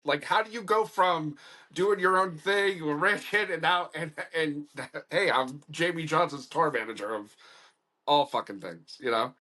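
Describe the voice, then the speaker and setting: Brash male podcast host, forceful and bright tone, slightly raised pitch, profane and emphatic. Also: unhurried. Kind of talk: casual podcast chat.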